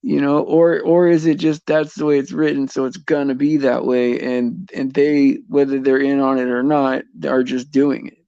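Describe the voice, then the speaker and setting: A man hosting a casual faith chat on a livestream, rambling and halting with many fillers, restarts and frequent chuckles. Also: medium pitch, flat delivery, creaky, warm tone, smooth, dry recording, muffled recording.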